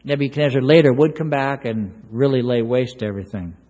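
Husky-voiced man preaching in an echoing hall. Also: medium pitch, a little fast, warm tone. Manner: earnest, repeats words, acts out quoted pleas. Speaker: pastor. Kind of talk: sermon.

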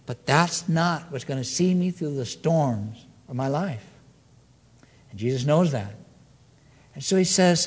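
An animated male preacher whose pitch leaps high and sinks low as he preaches. His voice sits a little high for a man and rings out with a long hall reverb. He swings from loud, excited lines to hushed, slow ones. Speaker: pastor. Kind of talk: sermon.

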